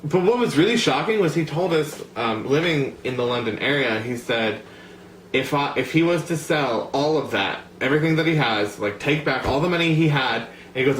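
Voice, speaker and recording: A young man from the United States talks to camera in a loose, rambling vlog, piling on "like" and "um". His voice has a middling pitch. The room is echoey, with faint ambience behind him. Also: slight background noise. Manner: chatty, rambling, filler-heavy. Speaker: vlogger. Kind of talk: casual talk to camera.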